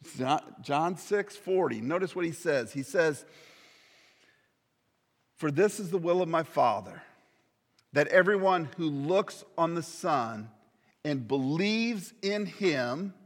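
A man's voice: on the high side, animated, slow pace, big-room sound. A man preaching a sermon earnestly, sometimes dropping to a near whisper on key words. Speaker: pastor.

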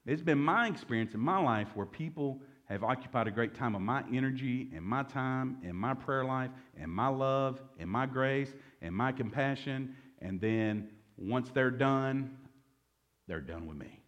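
A man's voice: mid-range voice, animated, a little slow, a bit bright, highs cut off. A man in his forties preaching a conversational sermon as pastor, joking and calling out to the congregation. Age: 40s. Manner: conversational, joking, calls for audience response.

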